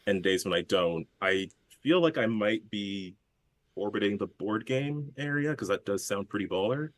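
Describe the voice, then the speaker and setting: A man's voice: on the low side, lively intonation, normal speed, no room sound. A man from Canada in a casual group chat, hesitant and thinking aloud about his plans. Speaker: podcast regular.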